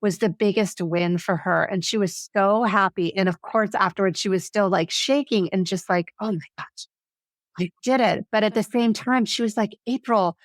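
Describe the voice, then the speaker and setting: A woman's voice: medium pitch, moderate pace, hardly any pauses, dry recording, studio quality. A woman guest on an interview podcast, an education advocate who tells stories animatedly and acts out the voices of the people she quotes. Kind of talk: interview storytelling.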